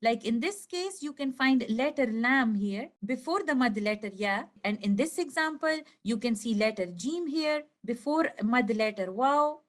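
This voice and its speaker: High-voiced woman teaching pronunciation. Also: expressive. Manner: slow, clear explanation, stretching example words. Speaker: tajweed teacher. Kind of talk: recorded lesson with slides.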